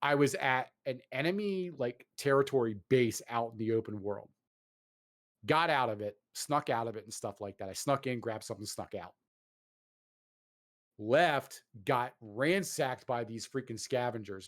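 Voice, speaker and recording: A man hosting a casual gaming chat, ranting with lots of swearing and fillers. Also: mid-range voice.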